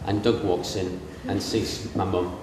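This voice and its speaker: A man's voice: deep voice, level tone, unhurried. A middle-aged man from England giving a comic wedding speech from memory, telling stories and mimicking the voices of people in them. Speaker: wedding speaker giving the best man's speech. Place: large reception room at a castle wedding. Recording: distant and echoey, with room noise.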